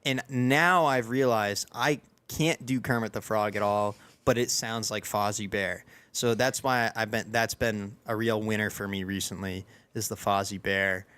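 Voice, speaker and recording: A man's voice: fairly low pitch, moderate pace, a bit bright. A young man hosting a podcast in casual chat, talking in a rambling, self-deprecating way with lots of fillers and restarts. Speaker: podcast host.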